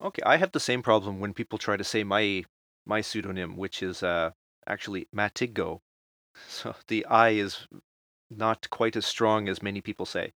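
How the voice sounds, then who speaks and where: A man's voice: fairly low pitch, normal speed, fairly bright tone, no room sound. A man hosting a casual podcast interview, asking questions politely and evenly. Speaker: podcast host.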